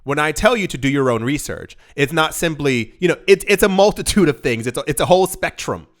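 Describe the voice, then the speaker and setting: This man hosts a casual crypto video, speaking fairly quickly to camera in a fairly high voice with lively intonation. His phrasing is emphatic and repetitive, with frequent restarts and stumbles, and he performs quoted voices.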